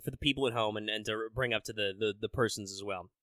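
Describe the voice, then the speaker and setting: In clean studio audio with no room sound, a podcast co-host talks casually, his voice low-leaning, steady, quick, and pushed bright. He wanders from point to point, cursing freely, breaking off mid-thought, and leaning on fillers and restarts.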